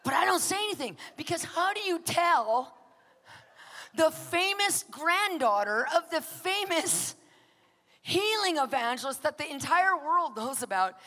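A woman preaching, telling a story with lively acted-out dialogue that swings from whispers to shouts. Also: very high voice, unhurried, long reverb tail. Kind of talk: sermon storytelling.

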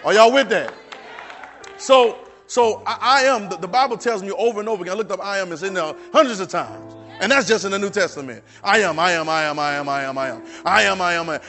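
A man preaching a sermon in a church service, urging the congregation to repeat his words. He swings from soft, low asides to loud, shouted exhortations, with many repeated phrases and restarts. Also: a little fast, faint music behind. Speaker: pastor. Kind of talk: sermon with call-and-response.

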